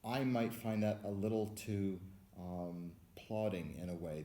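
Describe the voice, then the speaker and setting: Low-voiced man teaching music theory. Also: normal speed, warm tone, reverberant. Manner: explains step by step, counts beats aloud. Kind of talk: lecture with sung and spoken examples.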